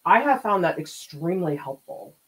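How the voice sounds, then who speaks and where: A woman's voice: fairly low pitch, very animated, normal speed, fairly bright tone, slightly rough, poor audio. A woman art teacher chats away during a live painting stream. Her talk is casual and easygoing, with frequent laughs and comments to her viewers. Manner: chatty, laughs often, reads out viewer comments. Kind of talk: casual livestream chat while painting.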